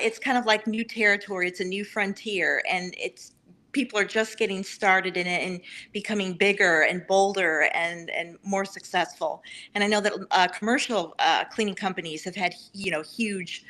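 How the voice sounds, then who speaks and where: A woman from Georgia speaks as a podcast guest, eager and halting with fillers. Her voice is bright and sits at a middle pitch. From Savannah, Georgia. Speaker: podcast guest, business owner. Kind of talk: casual interview talk.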